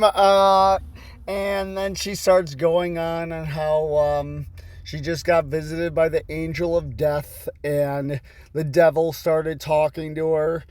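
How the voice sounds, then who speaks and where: A man's voice: a little high, little pitch movement, takes it slowly, darkish tone. A young adult man casually telling a rambling, profane story full of fillers, recorded in a car. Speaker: vlogger. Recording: noisy car background. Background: car and road noise.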